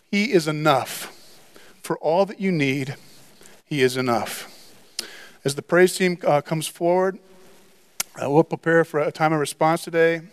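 A pastor preaching a sermon in church, earnest and repetitive, often restarting his phrases. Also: sits high.

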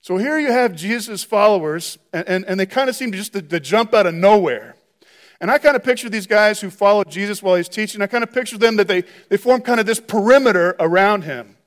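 Male pastor, higher register, lively sermon delivery with frequent restarts. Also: brisk. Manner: animated storytelling with repeated restarts.

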